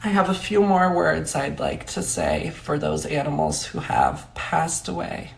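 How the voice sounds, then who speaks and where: A man hosting a comedic livestream in a mock-solemn, theatrical manner, breaking into drawn-out mock-grieving wails. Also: fairly high pitch, wildly swooping pitch, gravelly.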